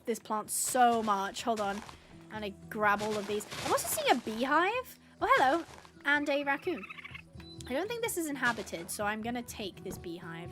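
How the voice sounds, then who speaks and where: A woman streaming live gameplay, chatting to the viewers and the game animals and getting excited. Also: high-pitched, normal speed, over music. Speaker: gaming streamer.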